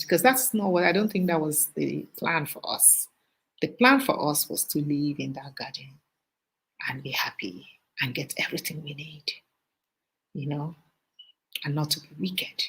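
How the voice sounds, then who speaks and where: A middle-aged woman hosting a casual live-stream chat, telling stories with animated asides and a preachy streak. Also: deep voice, unhurried, husky, poor audio.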